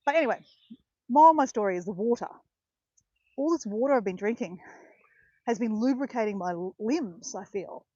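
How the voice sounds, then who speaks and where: Out walking in botanical gardens, a woman of around fifty vlogs in a rambling, self-correcting way. She has a fairly high, dark-toned voice with lively intonation, speaking fairly quickly but pausing often, on a muffled recording with no echo.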